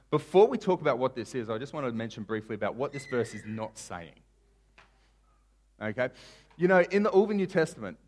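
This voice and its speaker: Here a man in the pulpit tells a Bible story the way you'd tell it today, playing out the characters while his volume rises and falls sharply. His voice is mid-range.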